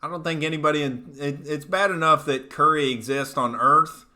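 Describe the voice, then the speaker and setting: A man with a bright, forceful voice hosts a casual comedy live stream. He rambles through profane, jokey rants between chat comments. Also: on the high side, steady tone, normal speed. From United States.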